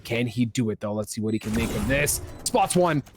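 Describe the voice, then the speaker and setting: A man doing live esports color commentary, steady and analytical with bursts of excitement on big plays. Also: mid-range voice, brisk, slight background noise.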